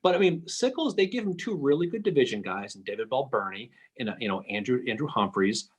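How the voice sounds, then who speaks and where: A man's voice: mid-range voice, animated, quick pace, slight background noise. A man talking through a history topic on a casual podcast, thinking aloud with frequent restarts. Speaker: podcast panelist.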